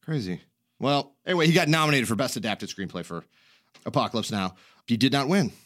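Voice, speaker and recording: A man's voice: mid-range voice, expressive, brisk, a bit bright, no echo. Rambling laughing man, dry close sound. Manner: rambling, laughs often, swears casually. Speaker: podcast host. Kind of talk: casual chat.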